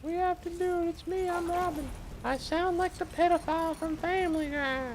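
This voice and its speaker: A man putting on a high, eager voice as a young boy sidekick while streaming a game. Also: steady tone, normal speed, slight background noise, low-quality recording.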